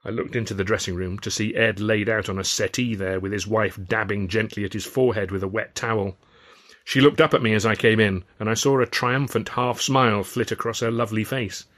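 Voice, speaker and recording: Man, low voice, wry measured first-person novel reading. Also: fairly even intonation, fairly bright tone. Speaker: author and reader.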